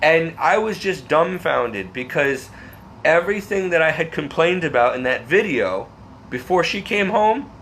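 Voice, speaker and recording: A man with a somewhat high voice shares a personal faith testimony on his vlog, earnest and emotional. He rambles, repeats words and restarts sentences as he goes. A faint hiss sits under his voice. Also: expressive, unhurried, a bit bright. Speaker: vlogger.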